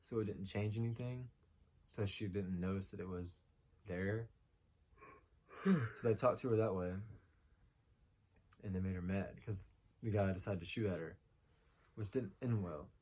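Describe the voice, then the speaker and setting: A man hosts a casual chat reviewing a TV episode. He recaps in a loose, rambling way, leaning on "like" as he goes. His voice sits a little low. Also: measured pace, pauses often, darkish tone, slightly rough. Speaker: host.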